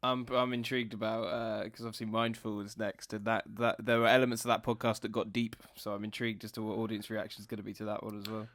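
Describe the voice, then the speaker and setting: A man's voice: fairly low pitch, flat delivery, fast, hardly any pauses, fairly bright tone, no room sound, clean studio sound. A man co-hosting a podcast, chatting casually and often answering with short agreeing replies. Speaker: podcast co-host. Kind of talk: casual chat.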